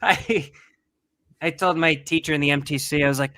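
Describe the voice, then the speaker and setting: Bright dry-sounding guy, chatty podcast cohost, laughs a lot telling stories. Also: fairly high pitch, steady tone, normal speed, no echo. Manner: laughs often, tells stories with quoted asides. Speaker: podcast co-host. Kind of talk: casual chat.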